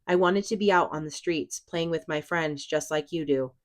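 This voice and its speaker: A woman reading aloud, voicing a stern but patient father who talks in a measured, lecturing way. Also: deep voice, close to an everyday voice. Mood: reminiscing.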